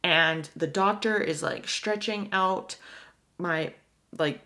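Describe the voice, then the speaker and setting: Candid young woman, lower voice. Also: slow pace, bright, forceful tone. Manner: chatty and candid, many "like" fillers. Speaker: vlogger. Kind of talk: casual storytelling.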